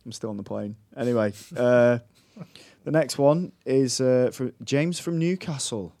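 A man's voice: mid-range voice, unhurried. A man hosting a casual podcast chat, reading out listener messages and joking around with frequent laughter. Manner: jokey, laughs often, lively intonation.

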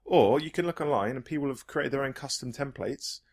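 A man's voice: medium pitch, a little fast. A man chatting enthusiastically on a podcast, rambling with frequent restarts. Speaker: podcast host. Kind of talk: casual podcast chat.

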